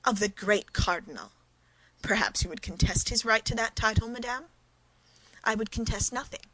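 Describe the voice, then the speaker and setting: A woman's voice: fairly high pitch, normal speed, sharp tone, no room sound, low-quality recording. A woman reading the part of a passionate young woman of twenty-three in a storybook reading, speaking with indignant force.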